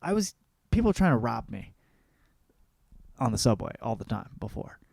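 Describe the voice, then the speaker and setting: Comedian guy ranting and rambling, swears a lot, middle pitch, dead dry mic. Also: big pitch swings, normal speed, vocal fry, no echo. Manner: profane, rambling, jumps between mumbled asides and loud rants. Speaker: comedian and podcast host.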